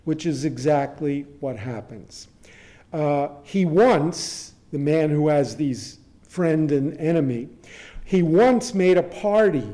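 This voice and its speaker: Slow, mellow-voiced man telling a story. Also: on the high side. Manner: conversational with wry asides and frequent "uh" fillers. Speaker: temple speaker retelling a Talmudic story. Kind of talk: storytelling sermon.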